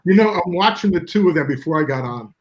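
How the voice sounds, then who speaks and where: A man with a fairly high, very lively voice reminiscing about a show he made long ago. He muses aloud, circling his points with "you know" and "I mean" before landing them. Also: fast talker, low-quality recording. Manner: reflective, hedging with fillers. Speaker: show creator and guest. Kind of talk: reflective casual chat.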